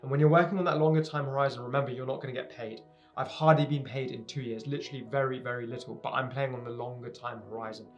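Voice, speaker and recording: A man's voice: mid-range voice, fairly even intonation, quick pace, dull audio, faint music behind. Earnest young man giving pep talk. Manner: earnest, emphatic, repeats phrases for stress. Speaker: entrepreneur giving advice to viewers. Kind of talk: direct-to-camera motivational talk.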